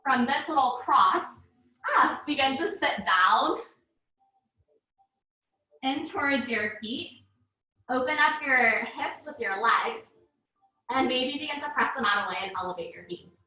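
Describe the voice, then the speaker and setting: A woman teaching a live online yoga class, cueing breaths and poses in a calm, paced way while out of breath. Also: high-pitched, unhurried, long pauses. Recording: echoey room from far off.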